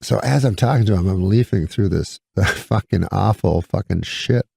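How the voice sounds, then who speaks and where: Deep, gravelly deadpan storyteller man. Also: moderate pace, no room sound, studio quality. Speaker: guest comedian. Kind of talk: casual anecdote in an interview.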